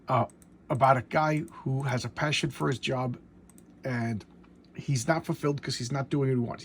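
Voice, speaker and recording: A man casually reviewing a comic book in a home vlog, rambling and excitable, with many restarts and fillers. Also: mid-range voice, vocal fry, slight background noise.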